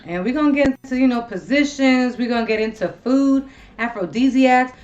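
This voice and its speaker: A woman's voice: on the high side, darkish tone, lo-fi sound. A woman hosting a casual talk show, chatting bluntly and animatedly with plenty of profanity. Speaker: host. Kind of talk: casual chat.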